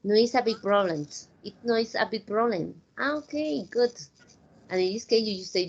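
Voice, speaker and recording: Over dull, lo-fi online call audio, a female English teacher with a Spanish accent runs her class encouragingly, alternating simple English with Spanish. Her voice is on the high side, with lively intonation, a moderate pace and a breathy edge.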